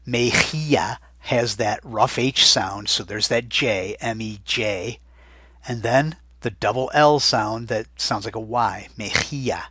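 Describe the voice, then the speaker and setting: This recorded Spanish vocabulary lesson is led by a man whose lowish voice is husky with a sharp tone. Chatty in manner, he pronounces each word slowly and more than once so learners can note it down.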